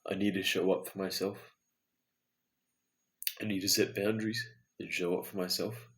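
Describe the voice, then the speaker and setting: A man with a deep, low voice records a late-night video diary. He sounds tired and talks in an earnest, searching way, thinking aloud to himself. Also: level tone, normal speed, fairly bright tone. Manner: earnest, introspective self-talk. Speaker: vlogger.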